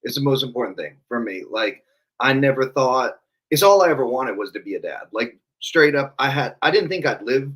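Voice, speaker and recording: A man's voice: medium pitch, lively intonation, a little fast, a bit bright, recorded from a distance. A man speaking earnestly and candidly in a casual podcast conversation.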